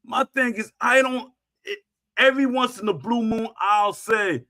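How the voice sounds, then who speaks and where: A man's voice: high voice, moderate pace, pushed and bright. A middle-aged man hosting a stream, ranting to his viewers in an emphatic, repetitive way and hammering his points home. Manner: emphatic, repetitive, punctuates claims with "Facts". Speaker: streamer host.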